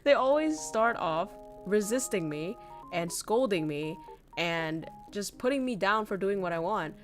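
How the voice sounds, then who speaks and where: A woman's voice: medium pitch, animated, measured pace, over music. A young woman from northern Vietnam, candidly chatting with viewers as a streamer, swearing freely and laughing often. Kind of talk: casual chat reading viewer messages.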